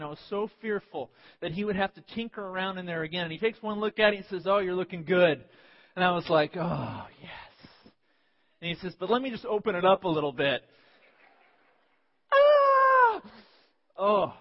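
A man pastor preaching a sermon, telling personal stories with animated voices and sudden yelps. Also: high voice. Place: church sanctuary. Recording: dull sound with long church reverb.

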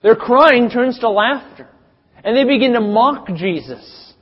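Husky male preacher in a reverberant hall. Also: extremely high pitch, animated, a little slow. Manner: storytelling, dramatic swings in loudness. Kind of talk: sermon. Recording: dull sound with long reverb.

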